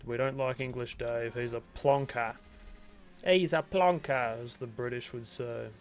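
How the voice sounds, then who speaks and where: A man's voice: mid-range voice, level tone, normal speed. A young Australian man with an Australian accent, rambling casually as he comments on his own gameplay on a stream. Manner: rambling, chatty, laid-back, self-talk while playing.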